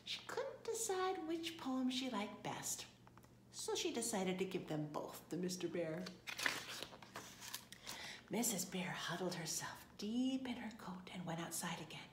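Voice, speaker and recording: A woman reading a children's storybook aloud in a gentle, expressive way. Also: a little high, unhurried, reverberant, a little hiss or hum.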